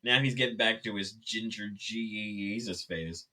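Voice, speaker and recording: A man co-hosting a casual live-stream chat, an animated storyteller who breaks into silly voices. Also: lowish voice, measured pace. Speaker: co-host.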